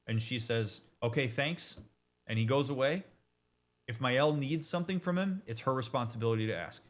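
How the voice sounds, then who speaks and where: Emphatic, direct man explaining grief. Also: medium pitch. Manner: emphatic, direct, with quick asides and restarts. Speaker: therapist reacting to a game. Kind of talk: casual explanatory commentary.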